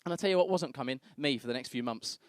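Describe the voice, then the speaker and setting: A man's voice: medium pitch, fast, no echo, clean studio sound. Brash man doing stand-up. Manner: brash, crude storytelling, acts out other people's voices. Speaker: stand-up comedian. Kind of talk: stand-up comedy set. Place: comedy club stage.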